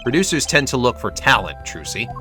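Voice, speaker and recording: Suave rock star prosecutor, curt and irritable, pitched down by a male streamer. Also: big pitch swings, brisk, pushed and bright, soft background music.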